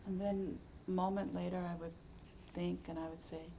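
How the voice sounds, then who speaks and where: Low, gravelly woman giving a dharma talk. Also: little pitch movement, a little hiss or hum. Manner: slow, reflective, often softly whispery. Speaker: meditation teacher. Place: meditation center hall.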